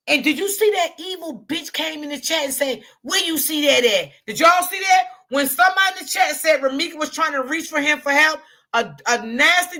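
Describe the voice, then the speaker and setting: Talking straight to her chat, this woman runs a casual livestream commentary channel in a high-sitting voice. She's loud and profane, often breaking into laughter.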